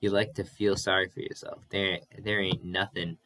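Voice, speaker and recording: A man's voice: deep voice, level tone, moderate pace, background noise. A man voicing a blunt, impatient young drifter in a storybook reading, scolding in a plain voice.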